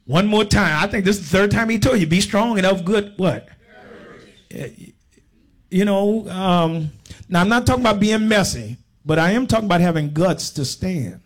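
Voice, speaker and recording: A male pastor preaching, reading scripture slowly and emphatically, then breaking into casual asides and call-and-response with the congregation. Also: high-pitched, expressive.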